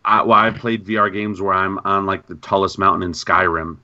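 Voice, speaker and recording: Guy with a low bright voice rambling on a podcast, dull audio. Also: a little fast. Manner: animated storyteller, repeats himself. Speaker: podcast co-host. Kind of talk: casual chat.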